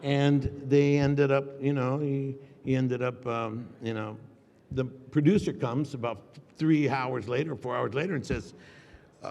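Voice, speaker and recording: An older man telling an animated anecdote on a convention panel, acting out dialogue and laughing often. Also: mid-range voice, unhurried, gravelly. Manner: acts out dialogue with shifting voices, laughs often. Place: large convention hall. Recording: long hall reverb.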